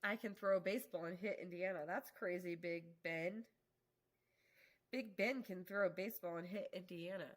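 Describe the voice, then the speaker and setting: A woman's voice: lowish voice, normal speed. A woman hosting a casual live stream, chatting to viewers and reading their comments, laughing often and swearing casually. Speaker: livestream host. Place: home workshop.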